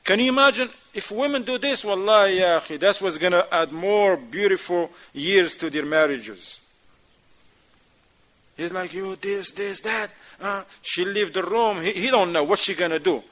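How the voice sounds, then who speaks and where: Male mosque teacher, lively, plays out scenes while he teaches, fairly high pitch. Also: low-quality recording. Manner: animated, acts out dialogue, non-standard grammar. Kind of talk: lecture class.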